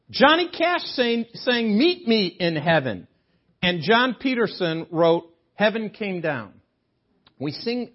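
Older man preaching, husky and lively. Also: sits high, muffled recording. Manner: animated, joking with the congregation. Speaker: guest preacher. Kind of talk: sermon. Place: chapel sanctuary.

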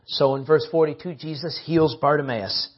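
A man's voice: fairly high pitch, normal speed, slightly rough, dull audio. A man preaching a sermon, emphatic, repeating phrases and calling out to the church.

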